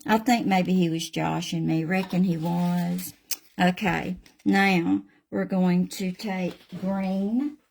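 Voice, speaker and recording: This is an older woman with a Southern drawl who talks slowly and unhurriedly. Her voice sits a little low, and she chats in a folksy way as she walks viewers through a craft demo. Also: steady tone, vocal fry, a little mellow, slight background noise. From Southern United States. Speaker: craft channel host. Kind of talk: casual live painting demonstration.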